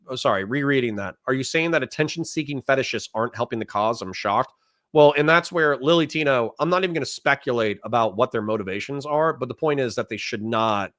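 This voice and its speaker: A man hosting a livestream, reading out chat comments and answering them bluntly, with plenty of swearing and quick flare-ups of anger. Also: medium pitch, a bit bright. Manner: blunt, profane, quick to get heated. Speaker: livestream host.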